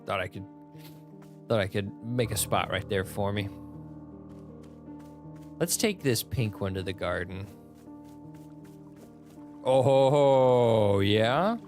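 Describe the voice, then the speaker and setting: A man's voice: lowish voice, unhurried, pauses often, music in the background. A man streaming a video game, muttering casual commentary to himself with the odd curse.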